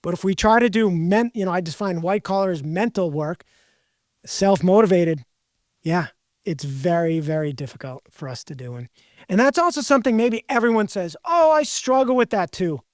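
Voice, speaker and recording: A man's voice: sits high, dry recording, studio quality. Candid, rambling male podcast host. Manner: candid, rambling, self-deprecating. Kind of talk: casual podcast conversation.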